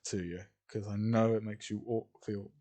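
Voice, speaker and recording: A man's voice: lowish voice, level tone, moderate pace, mellow, natural voice. A man voicing a playful, mischievous young woman in an improvised fan story he narrates. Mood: teasing. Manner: teasing, mischievous.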